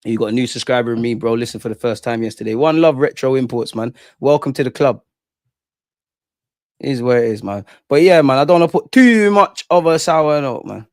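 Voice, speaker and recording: A man's voice: mid-range voice, brisk, a little mellow, no room sound, studio quality. A young man with a London accent, hosting a casual live chat with slang and reading out viewer comments. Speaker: livestream host.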